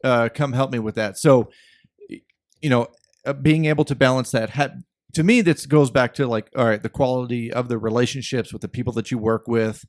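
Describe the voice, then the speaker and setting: A man's voice: mid-range voice, steady tone, fairly quick, dry recording, clean studio sound. Rambling man hosting a podcast. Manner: rambling, many restarts, profane. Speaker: podcast host. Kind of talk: casual podcast conversation.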